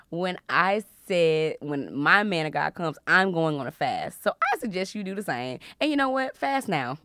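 A young woman hosting a faith podcast, teaching from the Bible in a casual, playful way with frequent loud laughter. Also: medium pitch, dry recording. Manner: animated, laughs loudly and often, playful preacher tone.

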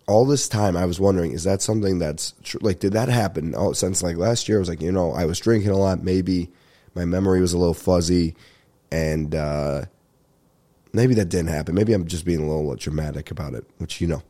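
A young man hosts a comedy podcast in a low, dark-toned voice, moving briskly through rambling stories packed with swearing and laughter. He sounds congested, still recovering from a sinus infection, as he tells them casually.

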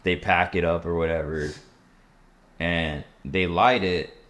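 A young man hosting a casual podcast, telling a story in a laid-back, profane and lively way. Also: low voice, slow. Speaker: podcast host.

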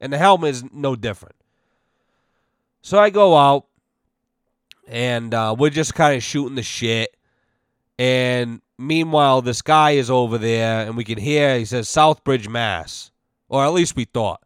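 Guy from massachusetts rambling thru a podcast story, swears a ton, smooth clear voice, dry close sound. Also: medium pitch, measured pace, pauses often, no room sound. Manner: rambling, profane, heavy use of fillers. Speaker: podcast host. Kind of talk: casual storytelling.

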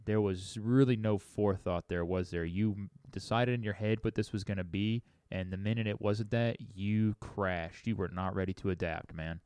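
Low-voiced man, dry close sound. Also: darkish tone, clean tone, dry recording. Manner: opinionated, musing, lots of restarts. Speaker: podcast co-host. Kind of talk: casual recap chat.

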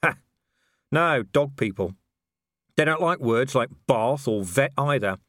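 A man's voice: mid-range voice, expressive, measured pace, a bit bright, dry recording, studio quality, voice pushed up. A man voicing a blunt, weary commander of the city watch who speaks dryly and impatiently. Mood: grumbling, wry.

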